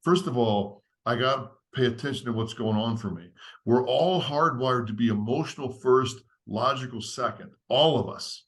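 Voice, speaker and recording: A man speaks as a podcast guest, laying out a step-by-step framework in an earnest, teacherly voice. His delivery is structured and steady, like a seasoned author explaining ideas in conversation. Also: medium pitch, moderate pace.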